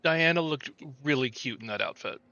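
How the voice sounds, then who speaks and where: A man's voice: mid-range voice, lively intonation, normal speed, pushed and bright, dull audio. A man casually commenting on a game he is playing, playful and laughing often. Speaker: gameplay streamer.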